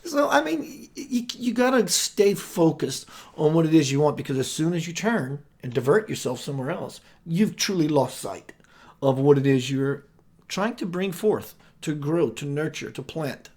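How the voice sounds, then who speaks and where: A man with a slightly high voice hosts a casual spiritual radio chat. He talks earnestly and often stumbles and restarts his words. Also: lively intonation, moderate pace, darkish tone. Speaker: radio show host.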